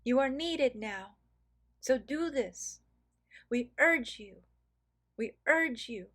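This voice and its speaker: A woman voices a council of kindly star beings in a channeled message, high-pitched and unhurried. Each point is pressed home with slow, emphatic repetition. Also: expressive, a bit bright, full character voice. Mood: urgent encouraging. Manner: slow, emphatic, repeats key phrases. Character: collective of benevolent star beings, urgent, encouraging.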